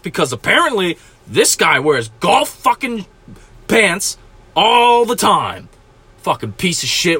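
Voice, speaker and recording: A man's voice: high voice, wildly swooping pitch, normal speed, bright, forceful tone, slightly rough, no echo. A man in his twenties from New Jersey, telling an angry, profane story about a rude customer, ranting at length. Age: 20s. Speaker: podcast host.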